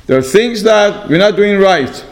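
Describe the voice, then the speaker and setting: A man teaching an informal religious class to a small group, talking in loose, repetitive phrases full of "you know" and sometimes dropping to a soft, low voice for asides. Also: expressive, measured pace, poor audio. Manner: repetitive, many "you know" fillers, acts out exchanges.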